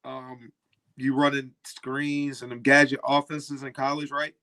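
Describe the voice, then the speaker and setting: A man's voice: medium pitch, completely flat delivery, measured pace, sharp tone. A male co-host in casual sports talk, laid-back and explaining his points. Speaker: podcast co-host.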